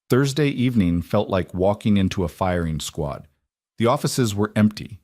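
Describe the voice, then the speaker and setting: A man narrating a first-person romance story in a steady, measured reading. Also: fairly low pitch.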